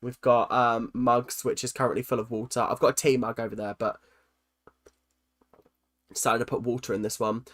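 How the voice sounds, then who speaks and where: A man's voice: mid-range voice, level tone, moderate pace, pauses often, a bit bright. A young man hosting a livestream, reading out chat comments and answering with teasing, self-mocking jokes and lots of ums. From London. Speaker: livestream host.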